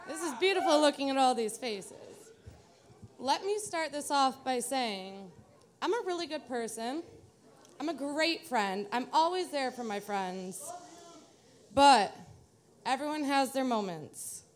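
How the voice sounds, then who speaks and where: A woman's voice: high-pitched, animated, measured pace, long pauses. A young adult woman from the Detroit area, telling a live personal story to an audience in a chatty, self-mocking way. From Metro Detroit, USA.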